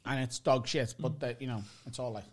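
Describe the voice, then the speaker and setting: A man, a guest comedian telling a comic story in an animated way, often asking "right?" and acting out what people said. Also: mid-range voice, fairly quick, a little hiss or hum. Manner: animated, keeps asking "right?", acts out quotes.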